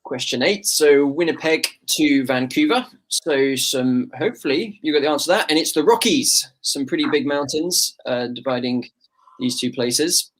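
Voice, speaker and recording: A man's voice: on the high side, normal speed, fairly bright tone. A man co-hosting an online quiz, chatting about the answers in a joking, self-deprecating way. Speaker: quiz co-host. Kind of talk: casual quiz answer chat.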